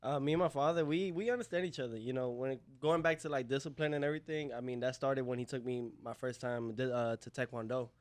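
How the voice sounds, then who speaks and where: A man's voice: mid-range voice, fast, few pauses, no room sound. A young man, a professional boxer, answering interview questions earnestly with lots of "you know". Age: young adult.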